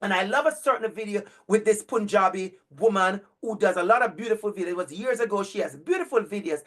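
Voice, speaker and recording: A man speaks in a fairly high voice as he tells stories to an audience. His delivery is animated and emphatic. He repeats key words and acts out the voices of the children in his stories. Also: quick pace. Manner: emphatic repetition. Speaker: educator and speaker. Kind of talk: storytelling talk.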